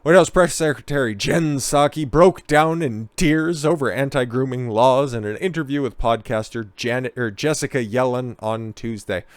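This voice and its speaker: A man with a mid-pitched voice delivers a casual, swearing political rant. He is dismissive and sarcastic, with plenty of fillers, and is recorded close on a dry mic. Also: moderate pace, few pauses, smooth, no echo. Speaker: political commentator.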